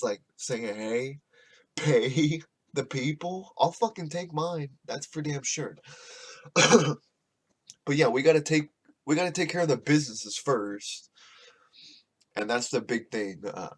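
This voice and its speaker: Profane rambling man ranting casually. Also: mid-range voice. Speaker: podcast host. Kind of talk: casual rant.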